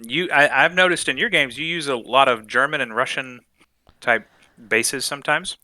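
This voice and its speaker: Southern man, podcast co-host, bright tone, frank and easygoing, dry close sound. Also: mid-range voice, normal speed, dry recording. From American South. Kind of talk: casual podcast chat.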